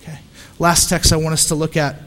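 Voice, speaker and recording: A man's voice: on the high side, level tone, brisk, a bit bright, long reverb tail. A male pastor preaching a sermon, telling a story with lots of energy and frequent restarts and repeated words.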